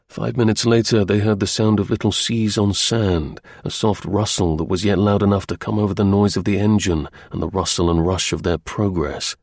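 Deep, husky male storyteller. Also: moderate pace, a little mellow, no echo, clean studio sound. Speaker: narrator. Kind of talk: storybook narration.

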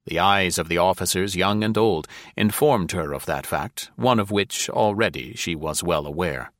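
A man narrating an audiobook in a measured, formal storytelling manner. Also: low-pitched, fairly bright tone, dry recording, clean studio sound.

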